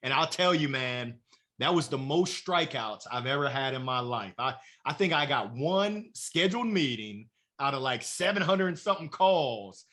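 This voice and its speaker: A man talking as an interview guest, telling his career story with lively acted-out quotes. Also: medium pitch, moderate pace. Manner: animated storyteller acting out quoted voices.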